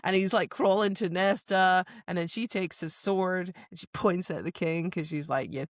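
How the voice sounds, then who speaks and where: A woman co-hosting a casual book podcast, talking fast and breaking into quick voices for the characters. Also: lowish voice, dry recording, studio quality. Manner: animated, acts out characters in quick impressions. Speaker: podcast co-host.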